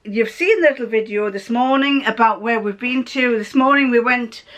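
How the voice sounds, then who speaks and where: A woman's voice: on the high side, normal speed, a bit bright. An older woman chatting casually in a giggly, storytelling way as she vlogs from a car. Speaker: vlogger. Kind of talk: casual vlog chat.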